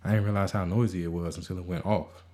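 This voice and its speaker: A man's voice: deep voice, fairly even intonation, fast talker, darkish tone. A man hosting a podcast, rambling casually with stammering restarts, cynical and self-deprecating, swearing now and then. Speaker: podcast host.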